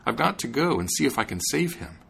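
A man's voice: medium pitch, sing-song, brisk, creaky, pushed and bright, husky, pitched above the performer's own voice, heavily acted. A man voicing a loyal young brother in a fairy tale, resolute. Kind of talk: storybook reading.

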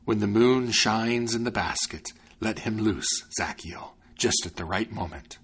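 A man's voice: on the low side, unhurried, a bit bright, breathy edge, exaggerated voice. A man doing a muffled old witch. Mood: ominous. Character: haggard old witch, sinister muttering.

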